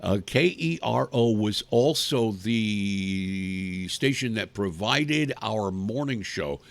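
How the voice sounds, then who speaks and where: A gravelly man host talks from his living room in a loose, rambling monologue. His pitch jumps around a lot as he goes, and he is blunt and crude, restarting sentences often. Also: animated, slow. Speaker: talk show host. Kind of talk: casual rambling monologue on a livestream.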